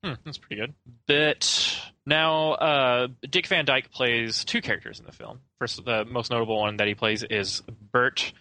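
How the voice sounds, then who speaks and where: A man's voice: medium pitch, fairly even intonation, measured pace, hardly any pauses, pushed and bright. A man co-hosting a casual film podcast, rambling and hesitant, often trailing off with "I don't know.". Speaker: podcast co-host.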